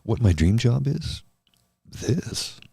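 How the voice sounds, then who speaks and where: A man hosting a soft-spoken ASMR livestream, talking slowly and earnestly and answering viewers by name. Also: medium pitch, sing-song, creaky, breathy edge, dry recording, clean studio sound. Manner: slow, earnest and heartfelt, addressing viewers by name. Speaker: livestream host.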